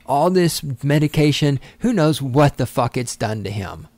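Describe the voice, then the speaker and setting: A man's voice: medium pitch, animated, moderate pace, a little mellow, no room sound. A man hosting a solo podcast, ranting angrily and sarcastically with constant swearing. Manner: angry, profane, sarcastic ranting. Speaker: podcast host.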